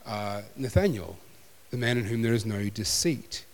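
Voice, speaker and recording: A man's voice: on the low side, moderate pace. A man preaching a sermon as pastor, conversational and self-deprecating. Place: church hall. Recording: long hall reverb.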